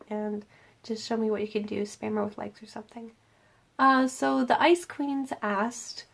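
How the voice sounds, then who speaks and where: A young woman chatting through a casual Q&A vlog, fielding viewer questions from her room at night. Her voice sits a little high and has a gravelly fry, and she keeps things playful. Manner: playful and jokey, slipping into silly voices. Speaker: YouTuber host.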